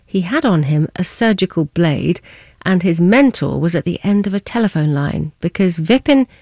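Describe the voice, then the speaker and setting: A woman radio presenter reading a scripted news feature in a measured way. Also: lowish voice, lively intonation, warm tone, no room sound, clean studio sound. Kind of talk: scripted narration.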